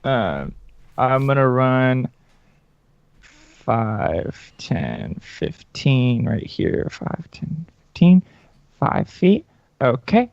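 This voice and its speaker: A man's voice: mid-range voice, wildly swooping pitch, drawn-out words, gravelly, long pauses, darkish tone, no room sound, muffled recording. A man playing a tabletop game, hesitantly counting out his moves with many fillers. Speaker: player. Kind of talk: casual tabletop game chat.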